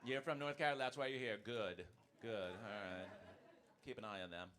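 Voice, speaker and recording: An American man in his fifties performing a stand-up comedy set, swinging between low asides and loud bursts. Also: fairly even intonation, fairly quick. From United States. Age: 50s. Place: comedy club stage before a live audience.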